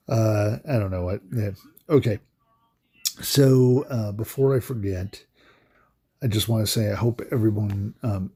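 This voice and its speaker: Soft-spoken man with a husky voice. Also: fairly low pitch. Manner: halting, soft-spoken, many fillers. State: emotional, voice breaking. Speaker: card game streamer. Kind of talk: casual gameplay commentary.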